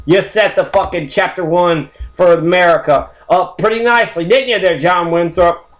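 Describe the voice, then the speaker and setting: Raised-pitch male history host; angry, profane, rambling rant. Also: moderate pace. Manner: angry, heavily swearing, rambling.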